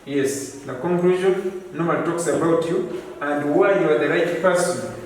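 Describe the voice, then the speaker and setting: A man's voice: on the high side, moderate pace, slight background noise. A man teaching a class, stressing and repeating key points, recorded from a distance. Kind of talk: classroom lesson. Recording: echoey room from far off.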